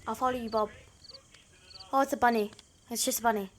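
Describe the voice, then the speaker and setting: A woman's voice: on the high side, fairly even intonation, brisk, slight background noise. A woman with a New Zealand accent hosting a gaming channel, playing a horror game and talking dramatically to the characters, jumpy and easily scared.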